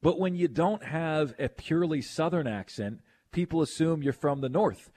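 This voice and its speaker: Radio host guy, talks fast when he gets going, gets loud and high when he protests, reads out texts. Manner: animated, quick to protest, reads listener texts aloud. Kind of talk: casual sports radio chat.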